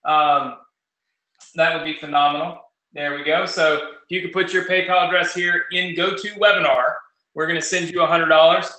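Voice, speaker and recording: A man hosting a live online cash giveaway, talking fast in a rapid-fire, auctioneer-like way. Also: fairly high pitch, steady tone, pushed and bright. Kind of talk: live-streamed webinar talk. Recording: roomy echo.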